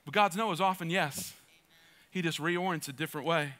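A man's voice: on the high side, a little fast, a bit bright. A male pastor preaching a sermon with energy, joking asides and calls to the congregation. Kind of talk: church sermon.

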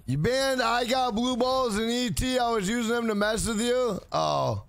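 A man's voice: very high-pitched, expressive, moderate pace, gravelly, fairly bright tone, no echo. Foul-mouthed man streaming a game. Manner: swears often, greets chat viewers by name. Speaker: live streamer. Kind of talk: live gaming stream commentary.

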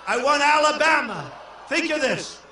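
An older man from New York giving a boastful, rambling rally speech to a crowd and shouting some lines. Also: very high voice, big pitch swings, normal speed, a little hiss or hum. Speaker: political candidate at a rally. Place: large indoor arena. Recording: echoey hall from far off.

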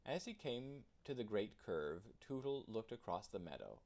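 Man, narrator, children's storybook read-aloud, low voice, lively pitch. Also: normal speed, gravelly. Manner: expressive, storytelling.

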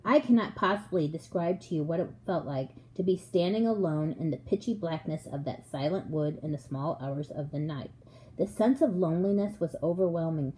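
A woman narrates a children's storybook aloud with expressive, measured pacing. Her voice is mellow and warm. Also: mid-range voice, low-quality recording. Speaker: audiobook reader.

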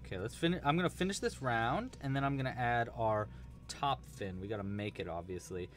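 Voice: mid-range voice, brisk. A crochet teacher hosting a casual live crochet-along, chatty and enthusiastic, rambling a bit with restarts. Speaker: crochet teacher and livestream host.

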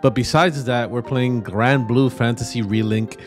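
A man's voice: medium pitch, fairly even intonation, normal speed, soft background music. A man hosting a casual let's play, joking crudely and rambling as he plays. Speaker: gaming video host. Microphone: desk mic, no camera.

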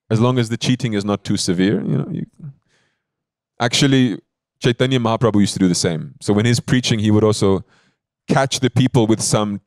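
A man's voice: medium pitch, darkish tone, no room sound, studio quality. A man giving a devotional sermon as a spiritual teacher, telling a story in an emphatic, conversational way and often checking in with his listeners.

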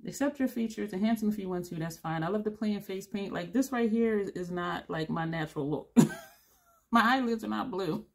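A woman's voice: medium pitch, moderate pace. Blunt, chatty woman in her fifties. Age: 50s. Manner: chatty, blunt, laughs often, digresses. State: tired. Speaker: beauty vlogger. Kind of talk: casual chat to camera.

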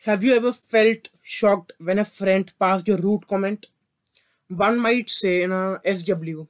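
A man's voice: high voice, unhurried. A man giving an English vocabulary lesson from a script, sometimes tripping over words and correcting himself. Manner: stumbles and apologizes for slips. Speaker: English teacher.

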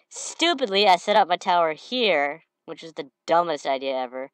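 A slightly sniffly woman giving excitable gameplay commentary, breaking into shouted trash talk. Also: on the low side, moderate pace, smooth, no room sound. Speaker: gamer.

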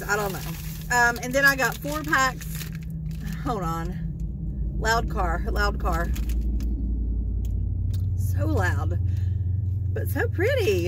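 A chatty, excitable woman talking casually in a shopping haul video. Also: on the high side, noisy background. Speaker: vlogger.

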